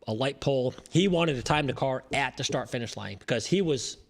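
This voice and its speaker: A middle-aged man from Connecticut, a former race crew member, telling lively stories as a guest in a casual interview, often repeating his words. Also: mid-range voice, brisk, gravelly. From Connecticut, USA.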